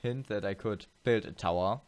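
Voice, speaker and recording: A man's voice: lowish voice, darkish tone. Tired man rambling over gameplay. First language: German. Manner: rambling, halting, many fillers and self-corrections. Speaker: gameplay channel host. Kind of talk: let's play commentary.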